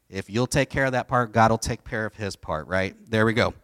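A man's voice: on the low side, fairly quick, a bit bright, smooth, dry recording, studio quality. A man in his forties, a pastor giving a sermon in a casual storytelling way, acting out the voices.

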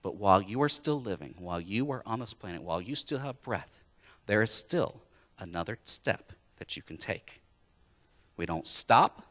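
Male pastor, sermon delivery, emphatic with repeated phrases, bright forceful voice, long church reverb. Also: lowish voice, animated, moderate pace.

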